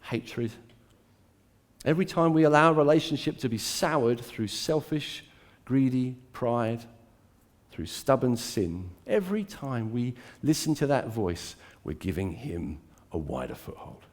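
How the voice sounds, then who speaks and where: A man preaching a sermon to a church, dramatic and swinging between hushed, intimate lines and emphatic climbs. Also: mid-range voice, very animated, a little slow. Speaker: pastor.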